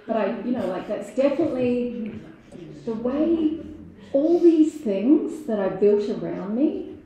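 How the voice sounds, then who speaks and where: A woman's voice: on the high side, big pitch swings, unhurried, dark tone. A woman telling her recovery story at a meeting, candid and laughing often, with many fillers. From Australia. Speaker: AA meeting speaker. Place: meeting hall. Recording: very echoey hall.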